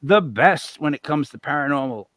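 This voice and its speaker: A man hosting a podcast in casual chat, animated and swearing freely. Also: on the high side, normal speed, no echo. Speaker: podcast host.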